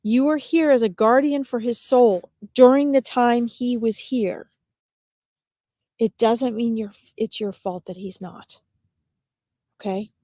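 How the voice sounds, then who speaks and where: A woman giving a live-streamed psychic reading as a medium, talking in a gentle, reassuring way with frequent pauses and fillers. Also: on the high side, no room sound, studio quality. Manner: gentle, reassuring address to viewers.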